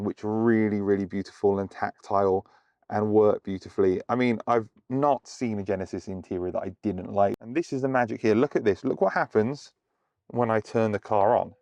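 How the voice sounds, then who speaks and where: A man's voice: on the low side, darkish tone, no echo. A man reviewing a car from inside it, talking enthusiastically and full of praise. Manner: gushing, superlative-heavy.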